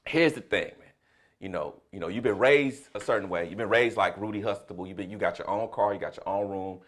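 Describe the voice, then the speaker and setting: A middle-aged comedian, here as a guest, tells a story in a casual chat and laughs through his punchlines. He speaks briskly in a fairly low voice.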